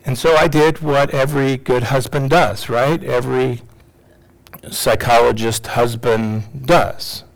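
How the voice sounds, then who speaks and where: A middle-aged man, a psychologist and teacher, telling an emotional personal story to an audience, swinging from loud to hushed. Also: mid-range voice, steady tone, takes it slowly, gravelly, poor audio.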